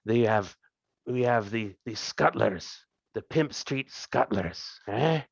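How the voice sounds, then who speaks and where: A man voicing a huge, greedy thieves' king who drawls his plans slowly and tacks on a sly "eh?", on a dull, dry lo-fi recording. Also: fairly low pitch, vocal fry, no room sound, heavily acted. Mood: scheming. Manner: oily, drawling, with chuckles and "eh?".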